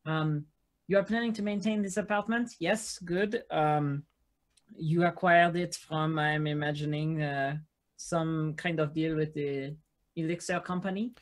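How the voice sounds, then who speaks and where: A man playing a tabletop game, speaking in character as a formal, measured official with many pauses. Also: a little high, steady tone. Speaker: player.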